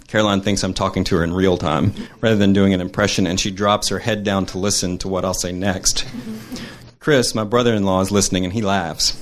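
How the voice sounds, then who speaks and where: A man's voice: on the low side, a little hiss or hum. Man reading his own story aloud. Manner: earnest, measured reading in present tense. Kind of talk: reading a personal essay aloud at a live show.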